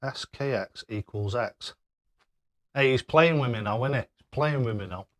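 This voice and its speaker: A mid-range, fairly bright voice at a moderate pace belongs to an older man on a live stream. He throws darts and reads out viewer messages casually, laughing often and stumbling over awkward names.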